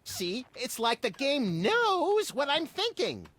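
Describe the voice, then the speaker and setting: An actor voicing a brash, excitable young rabbit-like creature in a video game, bratty and mocking. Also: high-pitched, takes it slowly, exaggerated voice. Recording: game audio under music.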